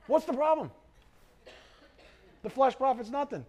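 Guy preaching, high voice, really animated, does little voices for the stories. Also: normal speed. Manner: animated, acts out quoted voices. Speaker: pastor. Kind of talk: sermon.

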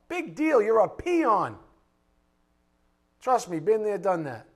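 A male preacher with a fairly high voice delivers a sermon. He fires blunt rhetorical questions at the room and swings between loud emphasis and quiet asides. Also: very animated, a little slow, pauses often.

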